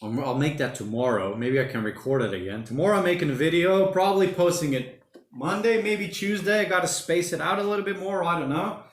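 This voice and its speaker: A man's voice: on the high side, brisk, echoey room. A man hosting a casual livestream from home, reading viewer comments and rambling easily, often saying mate and bloody. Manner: rambling, relaxed, says mate and bloody a lot. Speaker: livestream host. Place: home during lockdown.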